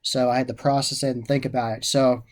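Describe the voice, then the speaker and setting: Man, mid-pitched, casual reviewer; eager and gushing, repeats his praise a lot. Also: little pitch movement, quick pace, a little mellow. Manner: enthusiastic, repeats praise phrases often. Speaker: haunted attraction reviewer.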